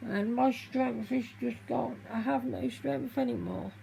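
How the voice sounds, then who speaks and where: A woman vlogging to camera, tearful and halting as she speaks openly about her feelings. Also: a little high, creaky, dark tone, a little hiss or hum, poor audio. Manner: halting, emotional, confessional. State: tearful, crying. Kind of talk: personal vlog talking to camera.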